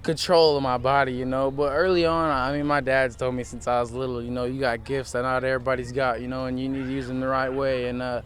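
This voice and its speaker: A teenage high school football player answering questions in a relaxed way, rambling with lots of fillers, outdoors at a field. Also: male voice, fast talker, few pauses, slight background noise. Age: teens. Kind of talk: casual interview.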